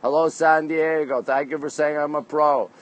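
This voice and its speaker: A man's voice: on the high side, fairly even intonation, moderate pace, rough recording. A man from Canada hosting a casual livestream on a city rooftop at night, greeting viewers by place name and reading their comments aloud into his phone. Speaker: livestream host.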